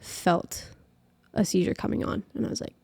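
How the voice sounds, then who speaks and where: A woman's voice: moderate pace, darkish tone. Young woman telling a personal story. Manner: chatty, heavy use of filler "like". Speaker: podcast guest.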